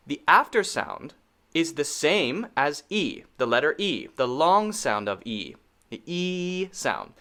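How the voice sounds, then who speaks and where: Male pronunciation teacher, slow and deliberate, mid-pitched, patient, repeats every word. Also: a bit bright. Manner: patient, repeats words many times for learners.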